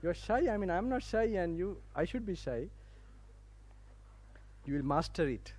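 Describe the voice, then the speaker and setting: A Sri Lankan Buddhist monk, whose first language is Sinhala, gives a Dhamma talk in English to a live audience in a university campus hall. His high voice swings widely in pitch, unhurried and darkish in tone, over poor audio. Chatty and informal, he laughs a lot and restarts broken phrases while leading a guided relaxation.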